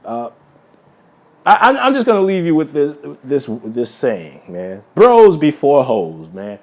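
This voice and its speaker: A man's voice: medium pitch, wildly swooping pitch, measured pace. A man ranting heatedly in a monologue to his viewers, repeating himself and tacking "man" onto most sentences. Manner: heated, repetitive, addresses listeners as brothers, says man constantly. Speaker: vlogger.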